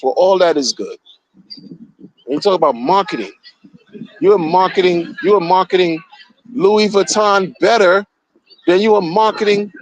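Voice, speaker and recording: A man's voice: sits high, a little hiss or hum, rough recording. A man streaming casual commentary, mocking and profane, repeating himself as he rants. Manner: animated, mocking, profane, repetitive.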